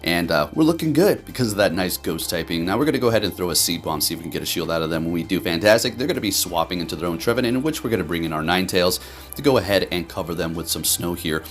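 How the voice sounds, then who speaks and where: A man giving animated, profane commentary over his own gameplay as a game video host. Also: low-pitched, very fast, soft background music.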